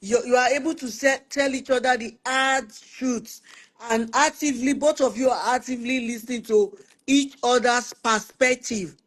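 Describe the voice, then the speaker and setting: A woman's voice: a little high, normal speed. A woman hosting a Christian family talk stream. She gives practical marriage advice conversationally and often repeats words for emphasis. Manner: animated, acts out spouses' quoted lines. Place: online live stream.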